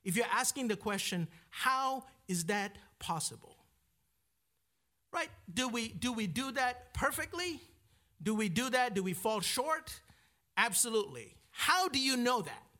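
A man's voice: very high-pitched, animated, unhurried, bright, forceful tone. A man preaching a sermon, often asking his listeners "right?" and repeating words as he searches for the next phrase.

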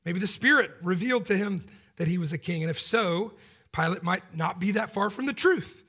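A man's voice: high voice, lively intonation, moderate pace, bright, forceful tone. A man preaching a sermon in a casual, joking, conversational way.

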